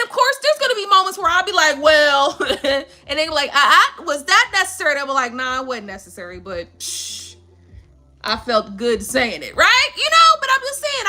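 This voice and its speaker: A woman's voice: very high-pitched, sharp tone, a little hiss or hum. A woman giving a tarot reading on a live stream. She talks bluntly in casual chat, swears freely and laughs often.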